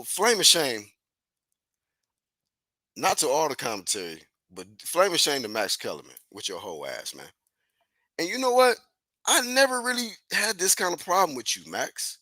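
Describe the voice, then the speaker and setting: A young man giving casual, profane, animated commentary, constantly dropping "man". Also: sits high, no room sound. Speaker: commentary host.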